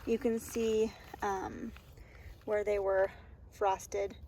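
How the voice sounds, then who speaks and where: A woman's voice: medium pitch, flat delivery, extremely slow, mellow, a little hiss or hum. A woman vlogging casually as she tours her garden, chatty and laughing often, with many ums. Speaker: homestead vlogger. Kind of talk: casual garden tour vlog. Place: outdoor garden.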